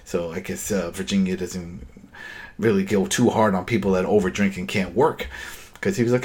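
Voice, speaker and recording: A man hosting a casual talk show, retelling a TV episode in an animated way. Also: deep voice, moderate pace. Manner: animated retelling, acts out quotes. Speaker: host.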